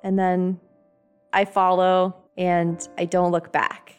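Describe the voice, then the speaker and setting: A woman's voice: lowish voice, flat delivery, slow pace, clear, resonant tone, soft background music. A woman playing a tabletop game, speaking emotionally in character as a mother. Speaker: player. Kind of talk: tabletop role-play.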